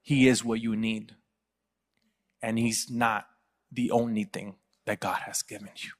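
In a large church hall, a male pastor with a lowish, steady voice tells a story during his sermon at an unhurried pace. He acts out the people in it, giving voice to their quoted words.

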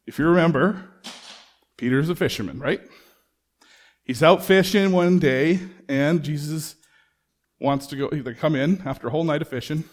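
A man's voice: fairly high pitch, moderate pace, long pauses. A man preaching a sermon in a conversational way, asking the congregation rhetorical questions and acting out bits of dialogue. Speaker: pastor.

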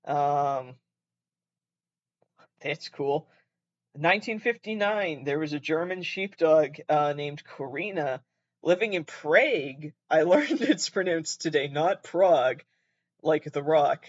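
Rambling, swearing young Canadian podcaster. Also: male voice, a little high, expressive, takes it slowly, highs cut off. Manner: rambling, swears a lot, corrects himself often. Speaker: podcast host. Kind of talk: casual solo podcast chat.

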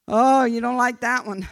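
An older woman preaches a sermon, moving between fervent, shouted exhortation and soft, confiding asides, and she often stumbles over repeated words. Her voice is fairly high and creaky.

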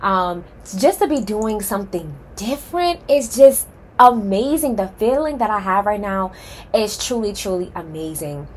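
A woman's voice: medium pitch, lively intonation, a little slow, husky. A woman hosting her own podcast, giving a heartfelt, emphatic solo introduction and speaking straight to her listeners. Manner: passionate and emphatic, addresses listeners as y'all. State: nervous and excited. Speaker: podcast host.

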